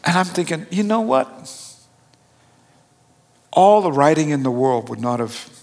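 A middle-aged man gives a sermon in a chatty, self-deprecating storytelling manner. His voice sits a little high for a man and turns animated when he acts out the scene. The sound carries a long echo, as if from a large church hall. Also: a little slow, creaky. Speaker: pastor.

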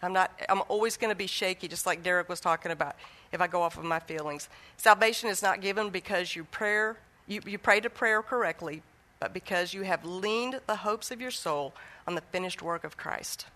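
A woman's voice: fairly low pitch, brisk, pushed and bright. A middle-aged woman giving an earnest faith teaching talk, telling family stories and acting out the dialogue. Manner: earnest, anecdotal, acts out dialogue. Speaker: Christian teacher.

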